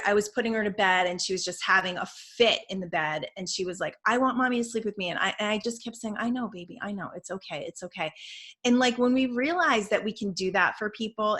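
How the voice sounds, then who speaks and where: A middle-aged woman co-hosting a casual talk show, telling stories in an animated, emphatic way. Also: medium pitch. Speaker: podcast co-host. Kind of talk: casual chat.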